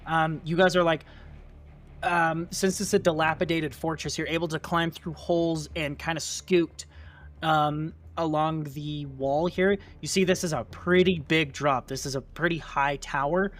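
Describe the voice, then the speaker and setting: A man's voice: fairly high pitch, steady tone, measured pace, a bit bright. A man narrating a tabletop game as game master, in a casual style full of fillers. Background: faint music.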